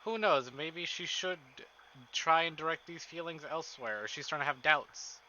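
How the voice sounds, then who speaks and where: A man streaming a visual novel, chatting casually with his chat, excitable and swearing often. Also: on the high side, normal speed, lo-fi sound, a little hiss or hum. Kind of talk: casual live-stream chat and game reading.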